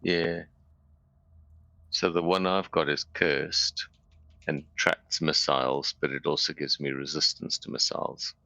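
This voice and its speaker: Very deep gravelly bright-toned player. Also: male voice, level tone, unhurried, no room sound, muffled recording. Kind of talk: casual tabletop game chat.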